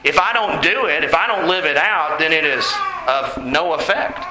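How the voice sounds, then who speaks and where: A man's voice: fairly high pitch, lively intonation, normal speed, bright, forceful tone. A man preaching a sermon in an earnest way, asking the congregation questions. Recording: echoey room with faint noise.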